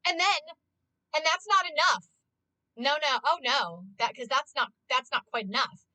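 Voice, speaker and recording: High, lively excitable woman streamer. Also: unhurried, long pauses, dry recording, low-quality recording. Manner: excitable, swears a lot, heavy use of "like"; passionate and ranting. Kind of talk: casual live-stream chat.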